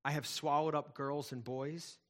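A man reading a storybook aloud, voicing a great stern male lion in a low, slow, solemn way. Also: steady tone, natural voice. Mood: grave.

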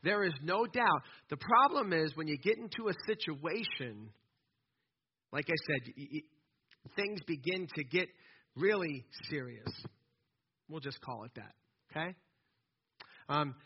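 A man with a husky, somewhat high voice delivers a conversational sermon, stumbling and restarting as he builds his point. The recording is dull and lo-fi. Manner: animated, conversational preaching with repeated false starts. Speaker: pastor.

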